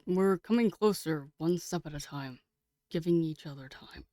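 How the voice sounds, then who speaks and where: Excitable, swearing female streamer. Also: sits low, moderate pace, no room sound, clean studio sound. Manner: excitable, swears casually, chatty. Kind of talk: reading a game aloud and chatting with viewers.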